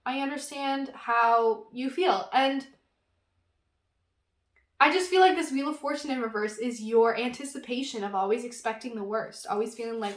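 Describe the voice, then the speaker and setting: A woman giving an intuitive tarot reading, talking in a gentle, reassuring and casual way with lots of fillers. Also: fairly high pitch, moderate pace, pauses often, reverberant. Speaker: tarot reader.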